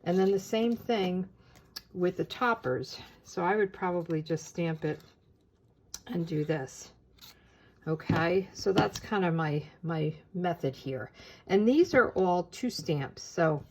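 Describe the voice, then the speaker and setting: A woman giving a casual, chatty step-by-step craft tutorial, talking as she works with her hands and often pausing on filler words. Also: on the low side, animated, darkish tone. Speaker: papercraft demonstrator.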